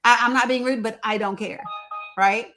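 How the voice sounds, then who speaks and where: A woman's voice: on the high side, steady tone, normal speed, sharp tone, soft background music. A woman hosting a live stream, teasing and skeptical as she presses her caller with repeated pointed questions and laughs often. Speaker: livestream host. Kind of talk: casual live-stream debate.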